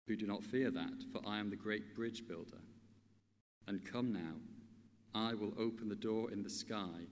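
A man voicing a gentle, majestic male lion who speaks slowly and lovingly. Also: lowish voice, natural voice. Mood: solemn. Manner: slow, gentle and solemn. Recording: long hall reverb.

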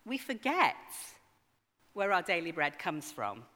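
A woman's voice: fairly low pitch, big pitch swings, unhurried, sharp tone. A woman giving a sermon, conversational with wry asides to her congregation. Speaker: preacher. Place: church. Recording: long hall reverb.

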